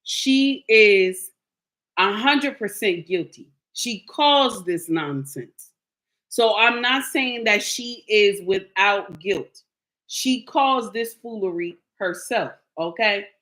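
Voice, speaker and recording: Woman talking to camera, animated and emphatic, mid-pitch voice. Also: takes it slowly. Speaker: vlogger. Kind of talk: casual commentary vlog.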